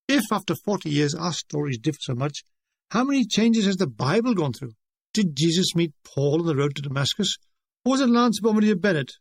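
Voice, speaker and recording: Wry high-voiced older man narrating. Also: brisk, gravelly, no echo. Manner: wry, deadpan comic delivery. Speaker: author reading his memoir. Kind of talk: audiobook narration.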